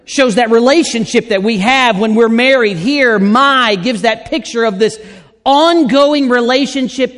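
A man preaching a sermon in a church, slow and deliberate, drawing out his phrases. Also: very high voice, a bit bright. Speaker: pastor. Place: church sanctuary. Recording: long hall reverb.

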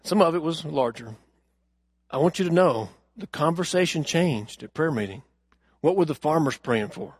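A man preaching a sermon, telling a story earnestly and asking the congregation questions, moving from loud emphasis to hushed lines. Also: fairly high pitch, lively intonation, normal speed, husky, no room sound, clean studio sound. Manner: addresses the congregation directly with questions. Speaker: pastor.

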